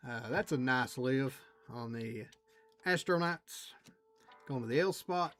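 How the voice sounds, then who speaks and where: A man's voice: mid-range voice, takes it slowly, a bit bright, soft background music. A man hosting a trading card break livestream, chatting casually with viewers and reading out the cards he pulls. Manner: chatty, reads out cards and talks to chat.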